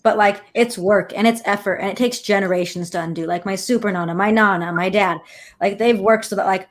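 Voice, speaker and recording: A woman's voice: medium pitch, steady tone, brisk. Young woman, earnest reflective chat, slightly teary. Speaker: guest. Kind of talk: casual chat.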